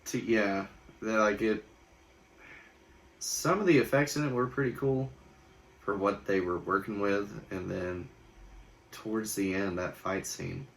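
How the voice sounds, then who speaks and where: A man's voice: fairly low pitch, fairly even intonation, a little slow, long pauses, a little hiss or hum. A young man co-hosting a movie review podcast, talking casually with a laid-back, sarcastic manner. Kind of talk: casual chat.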